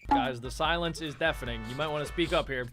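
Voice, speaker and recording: A young man in loose banter who delivers his jokes flat and dry. His voice sits slightly high, with faint music running behind. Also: fast talker. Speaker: co-host. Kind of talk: casual banter among friends.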